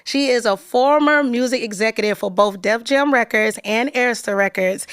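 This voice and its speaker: A woman hosting a podcast interview, warm in her praise and enthusiastic. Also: on the high side, moderate pace, clean tone, no room sound, studio quality. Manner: enthusiastic, effusive. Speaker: podcast host. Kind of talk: casual interview.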